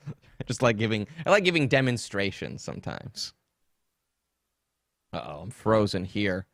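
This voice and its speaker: Podcast host, man, low voice, dry close sound, rambling and jokey. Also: big pitch swings, measured pace, creaky, no room sound. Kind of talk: casual rambling podcast chat. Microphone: desktop streaming setup.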